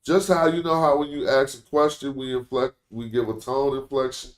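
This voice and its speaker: A man's voice: mid-range voice, fairly even intonation, moderate pace. A man hosting a casual live-stream lesson, explaining points conversationally and thinking aloud. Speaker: language teacher, stream host. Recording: roomy echo.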